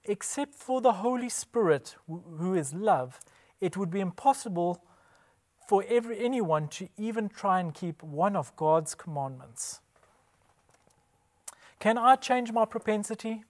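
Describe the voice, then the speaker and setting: A man's voice: high voice, animated, unhurried, a little mellow. Emphatic man preaching in rhetorical questions. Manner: emphatic, asks rhetorical questions and answers them. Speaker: Bible presenter. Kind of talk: scripted religious presentation.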